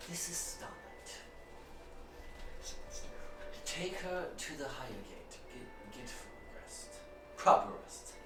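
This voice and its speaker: A man voicing a young, haughty high elf lieutenant who talks down to the people around him. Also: lively intonation, a little slow, music in the background, lightly acted. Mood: gracious. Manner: condescending, smooth-talking. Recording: echoey room, distant mic, noisy.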